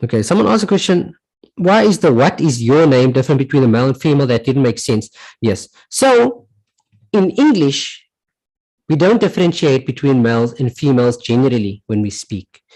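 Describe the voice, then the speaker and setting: A man's voice: mid-range voice, sing-song, normal speed, a little mellow, poor audio. A man teaching a live online Arabic lesson, repeating each word and its meaning and checking in with "right?". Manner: asks "right?" to check understanding.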